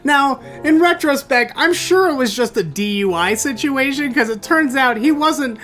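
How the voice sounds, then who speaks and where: A man hosting a storytelling show, recounting a bad date in an animated, theatrical way that bursts into exclamations. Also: very high-pitched, moderate pace, faint music behind. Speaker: storytelling podcast host. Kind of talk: comedic personal storytelling.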